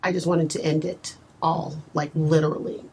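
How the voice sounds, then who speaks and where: A woman's voice: low voice, little pitch movement, normal speed, warm tone, slightly rough, low-quality recording. A woman guest in a casual interview, telling her story earnestly and with feeling. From United States.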